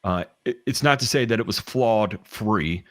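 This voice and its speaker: A man's voice: on the low side, normal speed, a bit bright, no room sound, clean studio sound. A middle-aged man with a Southern US accent, telling work stories in casual chat, rambling with restarts and blunt swearing. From American South. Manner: rambling, frequent restarts and fillers, candid with swearing.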